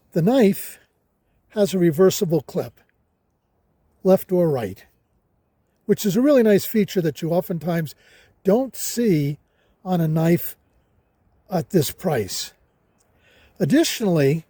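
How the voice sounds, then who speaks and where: A man's voice: high-pitched, warm tone, slightly rough, no room sound. An older man reviewing a folding knife while out on a hike, in a casual, emphatic way, stressing words by repeating them. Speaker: hiking vlogger. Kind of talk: casual outdoor gear review. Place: outdoors on a hiking trail.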